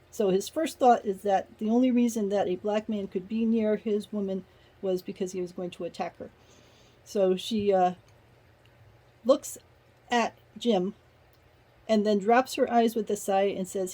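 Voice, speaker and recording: A woman's voice: mid-range voice, fairly even intonation, moderate pace, dark tone, low-quality recording. A woman giving a casual spoken review of a short story, retelling the plot conversationally with personal asides. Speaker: book reviewer.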